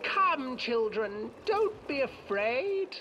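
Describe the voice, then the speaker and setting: A man voicing a cruel old witch woman in a game, with a high, sing-song crooning voice that turns sharp and snapping. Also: sing-song, drawn-out words, background noise, heavily acted. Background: game music.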